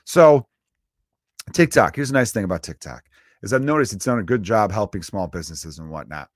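A lower-voiced man rambles through a comic podcast monologue, swearing casually and jumping into loud, animated impressions. He sits close to the mic in a dry, dead room with no echo. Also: fairly quick. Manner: profane, rambling, acts out voices with sudden loud bursts. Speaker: comedian podcast host.

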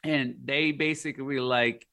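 A man's voice: mid-range voice, moderate pace. Rambling, laughing male interview guest. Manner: animated, rambling, laughs often, many fillers. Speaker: guest, art collector. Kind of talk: casual interview storytelling.

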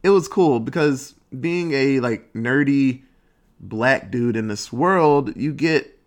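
A man giving a casual, rambling monologue, cursing freely and animated as he talks. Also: mid-range voice, slow pace.

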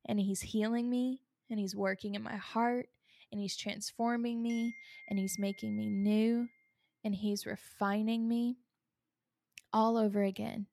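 Woman podcaster opening up about her struggles, earnest and teary, flat-ish delivery, dry close sound. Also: mid-range voice, a little slow, gravelly, no echo. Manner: earnest and confessional, near tears at times. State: emotional, holding back tears. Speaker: podcast host. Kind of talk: personal faith podcast talk.

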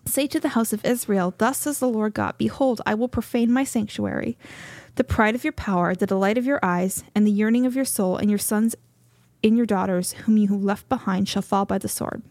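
A woman's voice: mid-range voice, no echo. Breathless woman reading scripture aloud. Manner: measured, steady scripture reading. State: a little out of breath.

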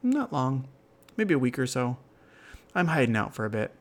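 A man's voice: mid-range voice, very animated, normal speed, lightly acted. A man voicing a cocky young runaway boy in a storybook tale, who talks in a breezy, slightly boastful way.

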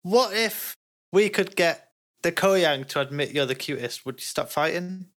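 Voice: medium pitch, expressive, a little slow, a bit bright. Persistent questioning tabletop player. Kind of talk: tabletop game play.

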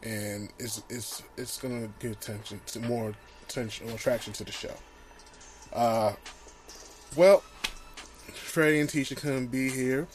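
A man co-hosts a podcast in loose, casual talk. He swings into loud, cursing rants and laughs easily. A faint hiss sits under his voice. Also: mid-range voice, a little slow, pauses often. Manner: animated, profane ranting with laughs. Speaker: podcast co-host. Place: small home studio.

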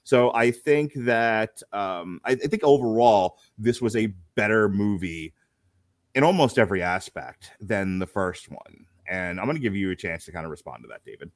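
A man's voice: fairly low pitch, animated, normal speed, no echo, studio quality. A man hosting a casual film review podcast, rambling and teasing his co-hosts with jokes. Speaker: podcast host.

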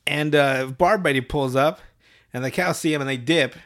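Casual male podcast host, higher voice, profane and rambling. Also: normal speed, fairly bright tone. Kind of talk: casual episode recap.

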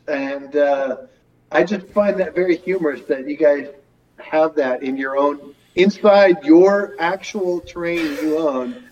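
A man's voice: on the high side, unhurried, a little mellow, distant mic, muffled recording. A man who is a guest on a podcast and chats with dry, teasing humor. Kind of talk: casual interview chat.

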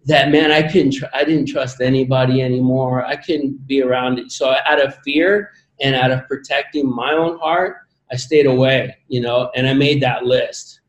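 A man's voice: mid-range voice, steady tone, moderate pace, few pauses. A man speaking as an interview guest, earnest and rambling, with emphatic stresses. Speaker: podcast guest, former Olympic athlete. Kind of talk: casual conversational interview. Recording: roomy echo.

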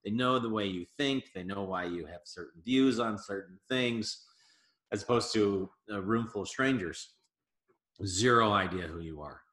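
A man, a comedian guest on a casual podcast interview, talking in an animated, emphatic way. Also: lowish voice, normal speed, roomy sound. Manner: animated, emphatic advice-giving.

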